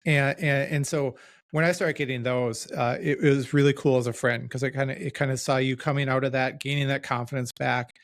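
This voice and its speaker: A man with a gravelly, creaky voice at a mid pitch hosts a relaxed podcast chat. He sounds reflective and pokes fun at himself, circling back through loose restarts as he works out his thoughts. The sound is dry and close, with no room echo. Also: a little fast. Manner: reflective, self-deprecating, talks in loose restarts. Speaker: podcast host. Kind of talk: casual podcast conversation.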